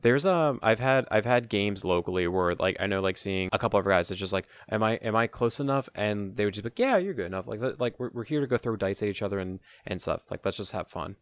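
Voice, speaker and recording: A man's voice: lowish voice, fast talker, hardly any pauses, clear, resonant tone, dry recording. A man co-hosting a gaming podcast and chatting casually as an event organizer, rambling with many fillers and restarts. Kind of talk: casual roundtable chat.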